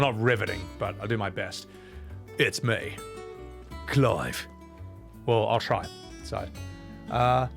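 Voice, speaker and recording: A man's voice: mid-range voice, creaky, a bit bright. A young man giving sarcastic, sweary live commentary while streaming a game and reading chat.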